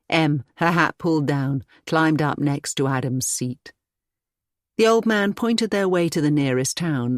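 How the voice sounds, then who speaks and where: Romance audiobook narrator, even and steady, mid-range voice, dry close recording. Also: mid-range voice, no echo.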